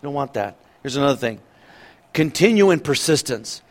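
A middle-aged man preaching a sermon in a lively way, acting out the voices of people in the story and laughing as he goes. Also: medium pitch, brisk. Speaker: pastor.

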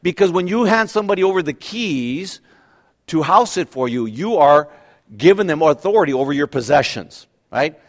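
A male pastor preaches a conversational sermon, animated and packed with everyday examples, frequently checking in with "right?". His voice is fairly high and he moves at a moderate pace.

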